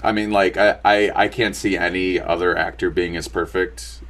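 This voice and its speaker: On a casual movie review podcast, a young male co-host rambles, packing his talk with fillers and restarts and laughing often. His voice is deep and slightly bright, with fairly even intonation at a normal speed.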